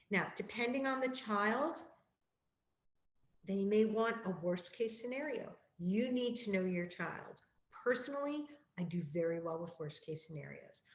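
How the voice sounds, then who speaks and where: Woman counselor, mid-pitched, calm and gentle, presenting to parents; roomy echo. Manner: calm, gentle and explanatory, repeats key phrases. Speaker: school counselor.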